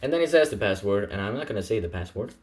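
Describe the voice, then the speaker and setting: A man's voice: lowish voice, expressive, fast talker. A man casually retelling a comic in a rambling, playful way, throwing in sound effects. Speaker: comic narrator.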